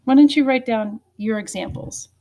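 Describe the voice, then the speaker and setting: A woman's voice: fairly high pitch, normal speed, dark tone. A woman teaching a phonics lesson, patient and checking in with students often. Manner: patient, checking in with frequent "okay?" and "right?".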